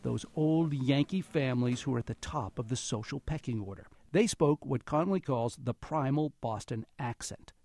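A man's voice: mid-range voice, moderate pace, hardly any pauses, dry recording. A man hosting a radio talk show, narrating a feature and then introducing guests in the studio. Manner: lively, animated delivery.

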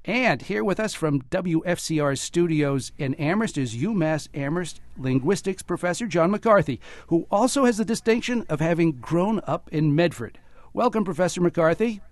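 A man's voice: on the high side, normal speed, no room sound. A man hosting a radio talk show, narrating a feature and then introducing guests in the studio. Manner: lively, animated delivery.

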